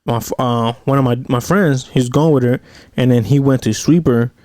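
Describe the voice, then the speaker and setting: A podcast host in casual chat, telling rambling, profane stories and acting out what people said. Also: male voice, mid-range voice, normal speed, mellow, no room sound, clean studio sound. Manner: rambling, profane, acts out quotes.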